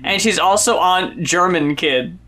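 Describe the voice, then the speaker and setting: A man's voice: high voice, unhurried, bright, forceful tone. A man co-hosting a casual album review podcast, explaining the background and stumbling over his words. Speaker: podcast co-host.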